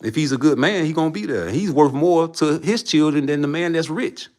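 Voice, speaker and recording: A man on a livestream, ranting in a profane, preachy way. His voice sits a little high for a man. He jumps from loud bursts to low muttering. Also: expressive, brisk. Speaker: livestream host. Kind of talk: heated casual rant.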